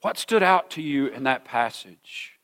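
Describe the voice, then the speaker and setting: A middle-aged man preaching a sermon to a congregation in a church hall, earnest, often repeating words and slowing down to stress a point. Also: mid-range voice, very animated, a bit bright. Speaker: pastor.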